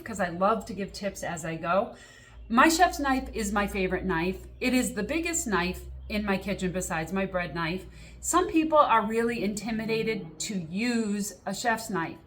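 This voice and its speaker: A woman's voice: mid-range voice, a bit bright, a little hiss or hum. A middle-aged woman hosting a casual kitchen demonstration, chatty and upbeat, checking in with viewers with a frequent "okay?". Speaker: cooking show host.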